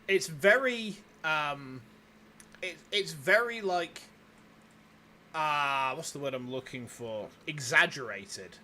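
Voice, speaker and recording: A man's voice: fairly high pitch, pushed and bright, a little hiss or hum. A man from England chatting casually while streaming a game, rambling, swearing and mocking himself. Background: game music.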